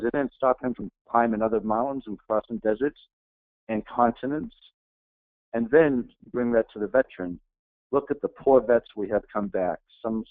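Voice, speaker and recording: A man's voice: mid-range voice, no room sound. A middle-aged man giving an earnest, emphatic motivational talk as a guest speaker. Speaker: guest speaker, retired Navy SEAL. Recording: tinny phone-like, dry.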